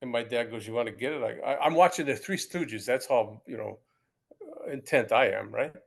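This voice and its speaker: A man's voice: medium pitch, fairly quick, vocal fry. A man in his seventies, a former pro football player, telling stories in a casual interview with many restarts and repeated words. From United States.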